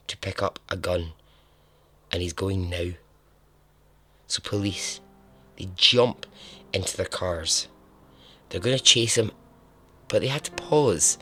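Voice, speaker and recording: A man's voice: on the low side, a bit bright, no room sound. A man hosting a podcast, telling a true-crime story in a casual, chatty way, laughing and swearing now and then. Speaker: podcast host.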